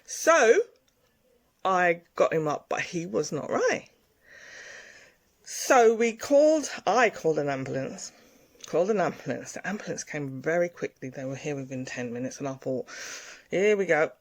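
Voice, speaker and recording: A woman casually telling a personal story in an animated way, repeating words for emphasis. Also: sits low, moderate pace.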